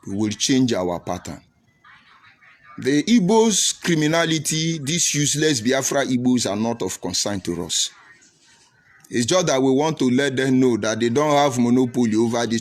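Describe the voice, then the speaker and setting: A middle-aged man, giving a preachy broadcast commentary and repeating phrases for emphasis. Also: medium pitch. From Nigeria. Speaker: political commentator.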